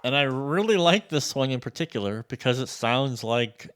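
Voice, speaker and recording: A man demoing a sample library in a casual, excitable walkthrough, loose and swearing freely. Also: medium pitch, normal speed, clear, resonant tone. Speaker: music producer reviewing a sample library.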